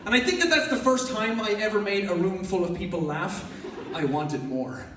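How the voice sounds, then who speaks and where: A young Irishman with a high-sitting voice hosts a live stage show in a large concert hall, telling funny stories at a moderate pace with loud, jokey energy and frequent laughter. It's stand-up storytelling recorded from far off in an echoey hall, with a loud crowd and noisy background.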